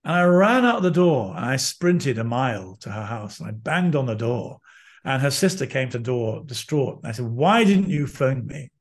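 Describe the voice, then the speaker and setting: A man who is a priest, a guest telling personal stories in conversation, earnest and lively, acting out what people said. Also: medium pitch, moderate pace. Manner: earnest, lively anecdotes with acted-out quotes.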